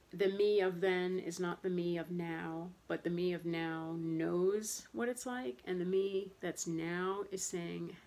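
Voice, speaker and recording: A woman in her thirties with a low, gravelly voice speaks in a casual, rambling monologue, full of fillers and restarts. Her talk is candid and frustrated, and she loops back over the same point as she goes. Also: darkish tone. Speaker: vlogger talking about chronic pain.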